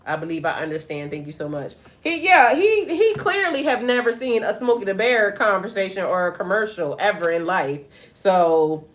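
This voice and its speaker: A woman's voice: mid-range voice, sing-song, moderate pace, hardly any pauses. A middle-aged woman giving a casual livestream tarot reading, talking straight to viewers and breaking into laughing, profane stories. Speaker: tarot reader and spiritual life coach.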